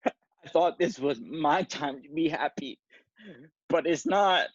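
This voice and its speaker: A man's voice: on the high side, slow, husky, no echo. A man playing a weepy, self-pitying jilted young man from a dating show, in mock-tearful lines, on a dull lo-fi recording. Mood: mock-sad.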